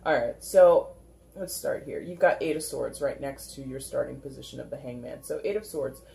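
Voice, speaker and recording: Rambly tarot reader just chatting through the cards, mellow soft tone, lots of "like". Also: mid-range voice, moderate pace, gravelly. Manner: chatty, rambling, heavy use of filler 'like'. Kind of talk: casual tarot reading monologue.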